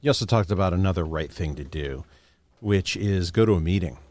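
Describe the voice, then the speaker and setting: A man co-hosting a casual podcast conversation, calmly giving practical advice. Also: low voice, brisk, no room sound. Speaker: podcast co-host.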